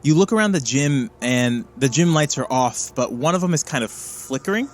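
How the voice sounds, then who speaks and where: A man's voice: medium pitch, lively intonation, normal speed. A man narrating as game master of a tabletop game, loose and filled with "like" and "kind of". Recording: music underneath.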